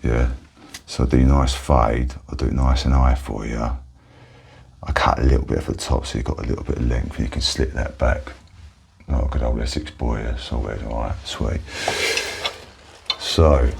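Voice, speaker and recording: Cockney man, whispered role-play barber, very deep, gravelly, husky, soft and matey. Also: steady tone, moderate pace. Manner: soft-spoken, chatty, matey. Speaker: barber in ASMR roleplay.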